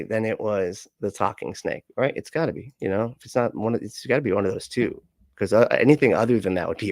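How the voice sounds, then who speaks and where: A man's voice: on the low side, no echo, clean studio sound. A man hosting a casual livestream, talking loosely with a sarcastic edge and laughing often as he rambles and swears freely. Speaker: livestream host.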